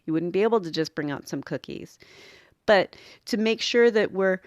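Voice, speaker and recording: A woman's voice: mid-range voice, moderate pace, no echo, studio quality. A woman, a dog groomer hosting a show and explaining training in a chatty, self-interrupting way. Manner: chatty, self-interrupting, acts out little voices. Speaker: podcast host and dog groomer. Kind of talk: casual teaching talk.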